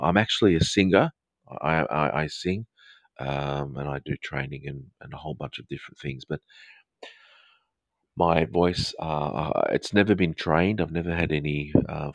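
A man's voice: steady tone, normal speed, creaky, dry recording. A middle-aged male counsellor from the north of England with a mixed Australian and southern English accent, hosting a live podcast in a rambling, friendly way with many ums and restarts. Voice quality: baritone. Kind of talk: live podcast talk to listeners.

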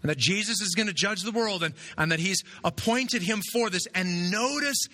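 Man, pastor, sermon, high voice, very bright and forceful, conversational, rhetorical questions. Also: moderate pace. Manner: conversational, asks "right?" often.

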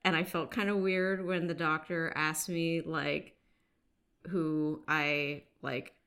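A woman's voice: low-pitched, flat delivery, slow pace, a bit bright, clean tone. A woman hosting a casual podcast, chatting with lots of fillers and frequent laughter. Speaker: podcast host.

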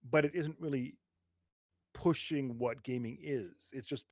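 A man's voice: mid-range voice, unhurried, no echo. A man with a mid-range voice chats earnestly about video games on a podcast, working his ideas out aloud with small fillers. The sound is close and dry, with no room in it. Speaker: podcast co-host. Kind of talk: casual gaming discussion.

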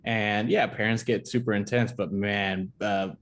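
A man's voice: on the low side, steady tone, measured pace, a bit bright. A young adult man in casual chat, easygoing and rambling, often restarting his sentences. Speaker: dance dad, podcast guest.

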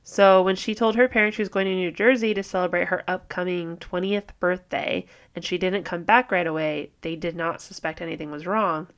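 A woman's voice: lowish voice, steady tone, fairly quick, few pauses. Young woman chatting on a true crime podcast, pretty casual, swears a lot, laughs a lot. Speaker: podcast co-host.

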